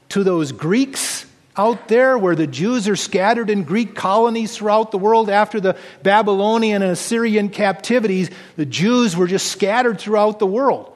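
A man's voice: sits high, expressive, normal speed, big-room sound. A man preaching a sermon, reading scripture aloud and explaining it earnestly. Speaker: pastor.

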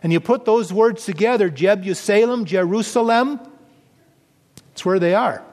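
A man preaching a sermon as pastor, earnest, dropping low and soft for emphasis. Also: moderate pace, long reverb tail.

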